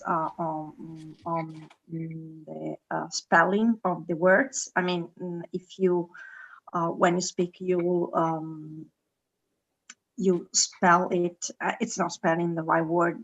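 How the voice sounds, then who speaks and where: A woman's voice: fairly low pitch, low-quality recording. A woman, a student in an online class, answering hesitantly and searching for words. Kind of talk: class discussion.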